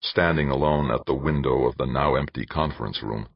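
Male narrator, very low husky voice, measured storytelling, dull lo-fi dry recording. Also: dry recording. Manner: measured, descriptive. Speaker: audiobook narrator. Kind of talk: scripted narration.

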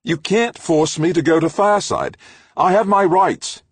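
Male reader playing a haughty female executive, pitched up, husky, dry booth. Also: big pitch swings, normal speed, a little mellow, dry recording. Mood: indignant. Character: proud, indignant woman executive, middle-aged.

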